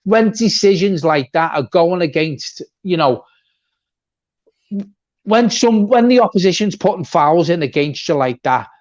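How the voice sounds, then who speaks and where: A man's voice: high-pitched, animated, a little slow, a little mellow. A man co-hosting a fan channel, giving a blunt, swearing, repetitive rant in a football reaction chat. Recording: dull lo-fi sound.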